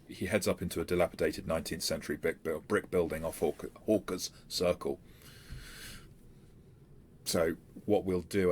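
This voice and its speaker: A male game master with a low voice, narrating an online tabletop session. He talks in a chatty, stop-start way full of ums and restarts, with a faint hiss of noise behind him.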